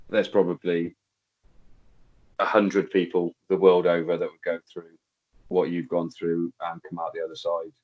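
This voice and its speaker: A man's voice: low voice, highs cut off. A man co-hosting a podcast in casual chat, rambling and searching for his words in a matey way.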